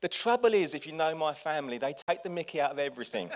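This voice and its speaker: A man, a pastor, preaching a lively sermon full of anecdotes, dropping to quiet asides and then rising to loud outbursts. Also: fairly high pitch, quick pace.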